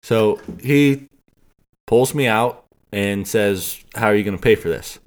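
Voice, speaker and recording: A man with a fairly low voice tells a long story in casual podcast chat. He rambles along and acts out each exchange he remembers, speaking into a podcast microphone. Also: unhurried. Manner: rambling, acts out quoted dialogue.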